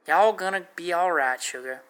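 A man's voice: high voice, normal speed, fairly bright tone, clean tone, voice pushed up. Man putting on a drawling Texas flirt. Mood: reassuring. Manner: drawling, endearing pet names. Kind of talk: audiobook narration.

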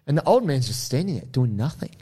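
A man's voice: mid-range voice, fast, breathy edge. A young man with an Australian accent, telling a story in casual, rambling chat. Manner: animated, rambling, many fillers.

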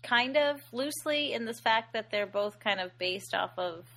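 A woman's voice: a little high, animated, fairly bright tone. A woman co-hosting a casual movie podcast, giggly and agreeable, often chiming in. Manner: giggly, agreeable, quick to chime in. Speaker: podcast co-host. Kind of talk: casual film podcast chat.

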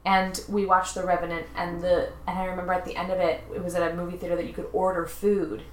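A woman's voice: lowish voice, level tone, fast, a little hiss or hum. A woman co-hosting a podcast, chatting casually and telling a story with lots of asides. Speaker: podcast co-host. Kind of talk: casual chat. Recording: roomy echo.

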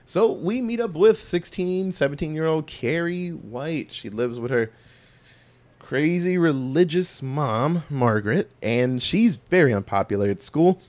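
A man's voice: on the high side, lively intonation, measured pace, a little mellow. A man hosting a podcast, retelling a story in a folksy, rambling way with loose asides. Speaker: podcast host recapping a film. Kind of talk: casual chat.

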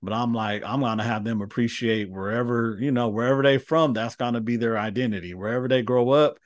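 A man's voice: mid-range voice, steady tone, a little fast, dry recording. A man from Los Angeles hosting a podcast, talking casually and emphatically, often asking "you know what I'm saying". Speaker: podcast host. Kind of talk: casual conversation.

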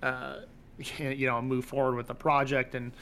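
A man's voice: mid-range voice, flat delivery, normal speed, gravelly, a bit bright, slight background noise. Guy in his 30s on a podcast, loose and rambly, full of fillers. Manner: rambling, lots of fillers and restarts. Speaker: guest pixel artist. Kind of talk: casual podcast chat.

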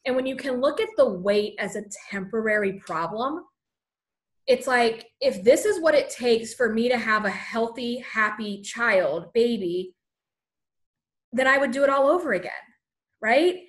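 A pregnant woman in her thirties talks straight to her viewers in a relaxed, chatty way, full of "you know" and "like." Her voice sits a touch higher than most women's. She encourages her listeners and now and then runs a little short of breath. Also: unhurried. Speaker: vlogger sharing pregnancy advice. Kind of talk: casual talk to camera.

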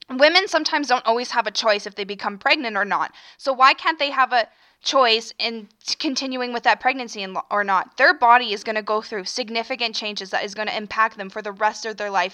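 A woman's voice: a little high, sharp tone. A young woman hosting a solo podcast, giving earnest, opinionated commentary and often stopping to restart or correct herself. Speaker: podcast host.

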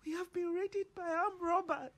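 A woman's voice: fairly high pitch, lively intonation, normal speed, a little mellow, breathy edge. A woman voicing a hysterical aunt who screams and pleads in a voicemail during a wedding-day robbery. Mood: pleading. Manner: shrieking, frantic, pleading. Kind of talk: played voicemail.

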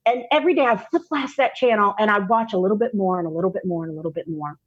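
Breathy woman telling her story. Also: medium pitch, muffled recording. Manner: candid, laughing, animated storytelling with slowed emphasis. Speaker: podcast guest. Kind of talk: personal storytelling in a podcast interview.

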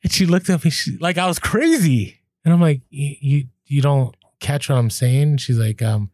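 Taking his time, a medium-pitched male podcast co-host chats casually, bringing his stories to life by performing the exchanges he recounts. The recording is dry and the studio sound clean.

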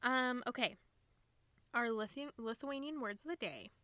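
A woman's voice: fairly high pitch, expressive, moderate pace, bright, forceful tone, no room sound. A woman co-hosting a podcast, chatting casually and playfully, laughing often as she stumbles over foreign words. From USA. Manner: giggly, playful, struggles with pronunciation. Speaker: podcast co-host. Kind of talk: casual chat.

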